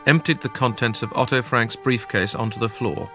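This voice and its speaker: A man narrating a documentary in a measured, grave scripted delivery. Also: medium pitch, fairly even intonation, sharp tone, faint music behind.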